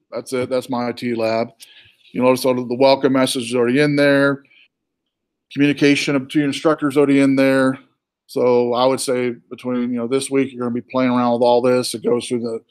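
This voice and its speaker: Relaxed Southern-accented male instructor. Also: mid-range voice, a little fast. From born in New York, raised in the US South. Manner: relaxed and chatty, with fillers and asides. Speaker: college instructor. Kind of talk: casual screen-share walkthrough.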